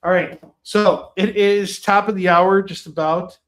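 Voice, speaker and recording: A man's voice: sits high, steady tone, a little slow. A man hosting a live shopping stream in a rambling, chatty, self-mocking way. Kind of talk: casual chat. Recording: roomy echo.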